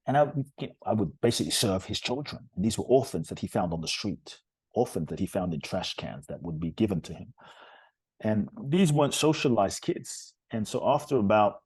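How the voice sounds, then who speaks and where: A man's voice: deep voice, a little mellow, husky, no echo. A man, a podcast guest and retreat leader, telling stories in an earnest, emphatic and heartfelt way. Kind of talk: conversational storytelling interview.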